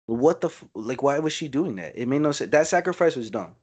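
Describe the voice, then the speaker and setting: An excitable man talking over a movie with a friend in a loose, casual podcast chat. He swears freely and rambles, tossing in "dude" and "bro.". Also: medium pitch, brisk, slightly rough.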